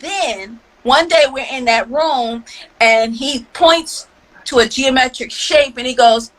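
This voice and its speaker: A woman guest in a casual chat, telling stories in a playful and expressive way. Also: high voice, takes it slowly, low-quality recording.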